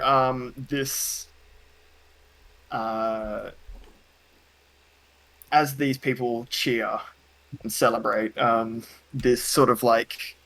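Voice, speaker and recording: A man running a tabletop game as game master, describing scenes slowly and hesitantly. His voice sits at an ordinary pitch, full of ums and uhs. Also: gravelly, bright, forceful tone, poor audio.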